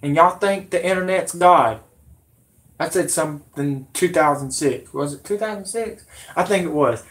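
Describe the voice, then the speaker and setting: A man's voice: on the high side, moderate pace, a bit bright. A man hosting a vlog, ranting in a rambling, indignant way and swearing. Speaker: vlog host.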